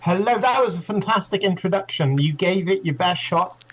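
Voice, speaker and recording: A man's voice: high-pitched, expressive, moderate pace, fairly bright tone, lo-fi sound. A man being interviewed as a guest author, friendly and enthusiastic. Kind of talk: radio interview.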